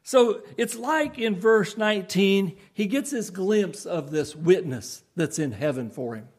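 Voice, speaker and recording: Explaining scripture in an earnest, emphatic sermon, this preacher speaks in an animated voice that sits high. He puts rhetorical questions to his listeners and reads the scripture passages slowly in old-fashioned English.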